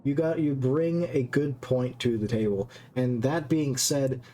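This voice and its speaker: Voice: mid-range voice, a little slow, mellow. A game streamer chatting casually and crudely with the audience while reading game text. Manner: joking, crude, talks to chat. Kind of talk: casual live-stream commentary.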